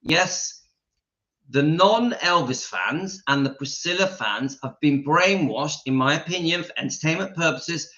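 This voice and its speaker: Man, livestream host, forceful bright voice, opinionated, dull lo-fi audio. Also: a little high, animated, measured pace. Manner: opinionated, emphatic, reads viewer comments aloud. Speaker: channel host reading live chat. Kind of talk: casual livestream chat.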